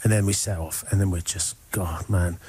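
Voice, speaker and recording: A man on air, telling a travel story in a casual, animated way. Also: deep voice, moderate pace, slight background noise. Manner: animated storyteller, mimics voices.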